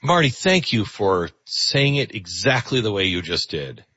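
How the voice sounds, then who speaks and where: A man's voice: fairly low pitch, a little slow, husky, dry recording. A man hosting a call-in radio show, talking earnestly with frequent restarts. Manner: earnest, animated, with repeated restarts. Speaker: radio talk show host. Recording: slightly muffled radio studio audio.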